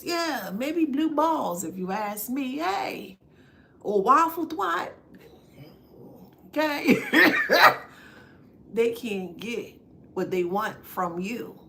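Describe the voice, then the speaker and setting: A woman's voice: on the high side, bright, forceful tone, a little hiss or hum. A woman giving a spiritual tarot card reading to her viewers. She laughs often and slips in mocking asides.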